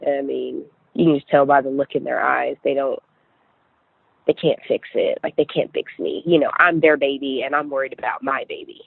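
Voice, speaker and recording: A woman's voice: extremely low pitch, moderate pace, vocal fry, husky, dry recording. A young woman from West Virginia, a podcast guest, telling her personal story in a chatty way full of "like" and "you know". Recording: tinny phone-line audio.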